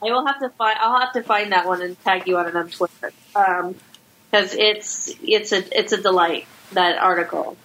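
A woman hosting a casual podcast chat, talking loosely with quick asides and frequent swearing. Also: medium pitch, fairly bright tone, a little hiss or hum, poor audio.

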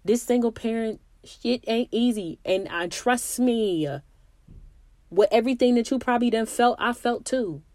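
A woman's voice: fairly high pitch, normal speed, darkish tone, no echo. A young woman hosting her own podcast, talking candidly and emphatically straight to her listeners in a casual motivational monologue. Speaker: podcast host.

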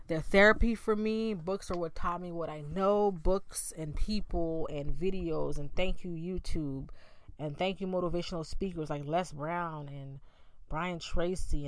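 A woman in her thirties candidly shares a personal story in a conversational way, using many fillers and acting out quotes. Her voice is fairly low, and there is no echo.

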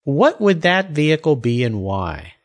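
A man's voice: on the high side, sing-song, measured pace. A man hosting an interview podcast, talking in an enthusiastic, exclaiming way. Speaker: podcast host.

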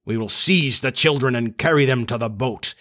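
A man's voice: medium pitch, moderate pace, fairly bright tone, lightly acted. A man voicing a commanding, melancholy male pirate captain in a storybook reading. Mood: brooding.

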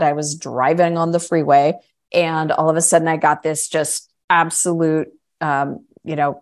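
A middle-aged woman, a coach and energy healer, telling her story in a lively conversational way and acting out other people's lines. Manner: acts out quoted voices with big pitch jumps.

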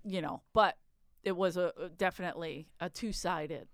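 A woman tells a story in loose, frank conversation and swears now and then. Her voice is smooth and clear, recorded dry and close to the mic. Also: fairly low pitch, moderate pace, no room sound. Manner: frank, chatty storyteller, laughs often, swears. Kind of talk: casual chat.

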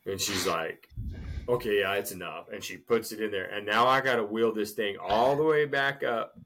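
A man co-hosting a casual podcast, telling a long shopping story in an animated way and often calling his friend "dude.". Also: moderate pace. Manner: animated storyteller, swings loud and high acting out scenes, says "dude" a lot. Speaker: podcast co-host.

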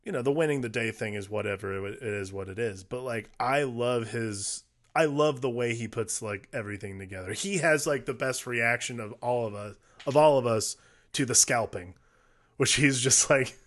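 A man co-hosting a casual movie podcast, talking in a relaxed, rambling way with plenty of fillers. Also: medium pitch, moderate pace. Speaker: podcast co-host.

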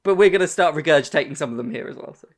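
A man co-hosting a relaxed podcast, his slightly higher voice full of gravel and fry. He rambles, jokes and laughs along with the host. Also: rapid-fire. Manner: rambling, jokey, laughs along and loses track. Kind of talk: casual podcast chat.

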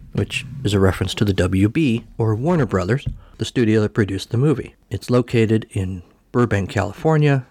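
Rambling, low-voiced male podcast host. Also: moderate pace, a little mellow, no echo. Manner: rambling, self-correcting. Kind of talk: casual film recap.

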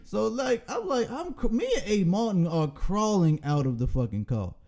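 A man's voice: high voice, normal speed. A young man hosting a casual chat, telling stories with lots of laughter and acted-out quotes. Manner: animated, laughing storyteller, acts out quotes.

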